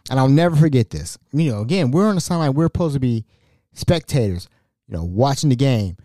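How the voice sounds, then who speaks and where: A man's voice: mid-range voice, expressive, a little fast, dark tone, dry recording, clean studio sound. A young man hosting a podcast, casually telling family stories with laughs and imitations of relatives. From Ohio. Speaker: podcast host. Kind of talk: casual storytelling monologue.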